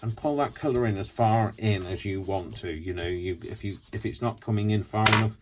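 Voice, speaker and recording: A very low-pitched man talks through a craft demonstration at a home craft table. He is chatty and rambling, breaking off into joking asides about himself. A faint hiss sits behind his voice. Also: a little fast, darkish tone. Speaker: craft tutorial host.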